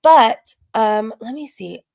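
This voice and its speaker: A woman with a gravelly, hoarse-sounding voice, chatting casually on a livestream as she reads and answers viewer comments, rambling with lots of fillers. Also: on the high side, animated, slow, darkish tone. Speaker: livestream host. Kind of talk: casual live-stream chat reading comments.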